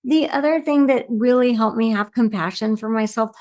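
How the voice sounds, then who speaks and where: A woman's voice: on the high side, normal speed, a little mellow. A woman who works as a medium, talking earnestly about grief and compassion in an interview, often ending with "right?". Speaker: medium and speaker. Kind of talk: reflective talk in an interview.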